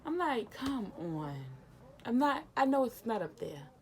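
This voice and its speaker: A young woman vlogger casually retelling a personal story, animated and emotional, acting out the dialogue. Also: high-pitched, normal speed.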